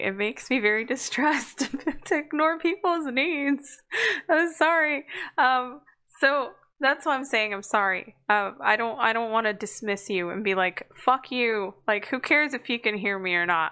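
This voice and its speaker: A woman's voice: on the high side, pushed and bright, clean tone. A woman hosting a casual livestream chat, rambling and apologetic, laughing often and swearing casually. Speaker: streamer and podcast host.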